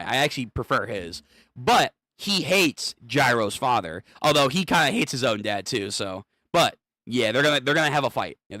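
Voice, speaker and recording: A hyped young man reads a comic aloud and reacts as he goes, full of slang and casual swearing. His voice is fairly high and jumps around a lot. The recording is dry and close. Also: a bit bright, no echo. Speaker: comic read-through host.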